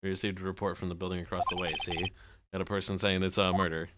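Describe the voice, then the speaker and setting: A man doing a gruff tough-guy detective. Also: sits low, little pitch movement, rapid-fire, heavy background noise, natural voice. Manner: old-time gangster drawl ending lines with "see?". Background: loud game music.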